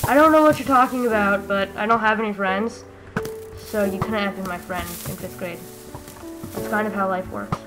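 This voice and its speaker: A woman's voice: medium pitch, moderate pace, over music, poor audio. A young woman giving goofy, teasing commentary over her own gameplay, mocking strangers and then taking it back. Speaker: gaming YouTuber.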